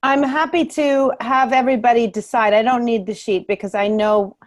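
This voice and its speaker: A woman taking part in a group training call, speaking in a friendly, clear way about what she wants. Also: fairly high pitch, steady tone, moderate pace, no echo. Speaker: training participant. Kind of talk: group video call sharing.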